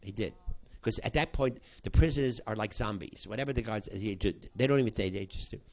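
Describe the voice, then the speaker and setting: An older man, a psychology professor, recounting a past study to an audience in halting speech full of restarts. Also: on the low side. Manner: halting, with many restarts, acting out quoted voices. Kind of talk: spoken storytelling to an audience.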